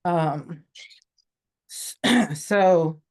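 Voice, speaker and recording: A woman's voice: fairly low pitch, drawn-out words, a little mellow. A woman as a podcast guest, telling her personal story in a candid, reflective way, livening up when she quotes others.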